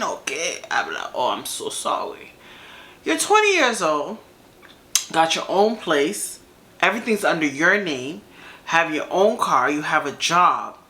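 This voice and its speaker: A woman's voice: medium pitch, bright, forceful tone. A woman hosting a reaction video, talking casually in slang, laughing often and speaking straight to the person in the clip.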